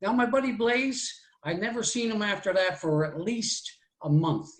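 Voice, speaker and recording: A man's voice: sits high, expressive, moderate pace, reverberant, rough recording. A man, telling a childhood story in a folksy, rambling way. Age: 60s. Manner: folksy and rambling, with "so anyway" and "right?". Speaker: guest storyteller. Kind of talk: live oral storytelling.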